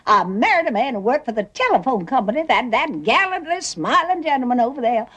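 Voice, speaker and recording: A woman's voice: high-pitched, big pitch swings, a little fast, a bit bright, full character voice. An actress playing a faded, chattering Southern belle mother, middle-aged, with a Southern accent and a gushing, theatrical way of talking. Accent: American Southern. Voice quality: gushing, theatrical, breathy laughs. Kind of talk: stage drama acting.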